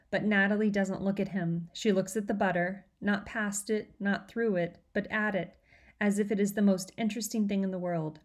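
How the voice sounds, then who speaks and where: A woman teacher reading a novel aloud to her students, in a steady, clear storytelling manner. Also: mid-range voice, normal speed.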